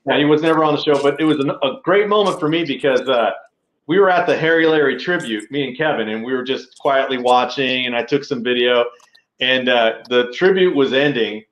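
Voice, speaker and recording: A man's voice: medium pitch, fairly quick, a bit bright. A man co-hosting a casual podcast, telling stories eagerly with lots of fillers. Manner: enthusiastic storytelling with fillers. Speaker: podcast co-host. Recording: roomy echo.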